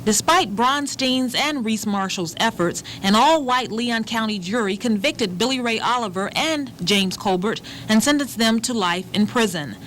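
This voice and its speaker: Woman, documentary narration, formal, measured, faint hiss. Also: fairly high pitch, expressive, a bit bright, rough recording. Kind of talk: scripted narration.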